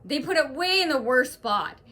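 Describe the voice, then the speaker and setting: Brief: woman vlogger at home, bright and tense voice, halting aggrieved rant. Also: sits high, expressive. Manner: rambling, aggrieved retelling full of hesitations. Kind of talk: casual to-camera vlog monologue.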